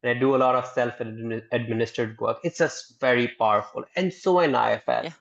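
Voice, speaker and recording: Male therapist co-host; mid-pitched, earnest, restarts phrases; slightly dull call audio. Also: brisk, vocal fry, fairly bright tone. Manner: earnest, repeats words when starting. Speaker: therapist and book club co-host. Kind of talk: casual discussion on a video call. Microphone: video call.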